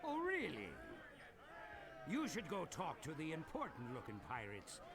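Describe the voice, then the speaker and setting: A drawling, gravelly pirate barfly. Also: male voice, fairly high pitch, huge pitch swings, measured pace, background noise, exaggerated voice. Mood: chatty. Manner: drawling, mocking. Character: laid-back male pirate barfly, teasing. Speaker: game character.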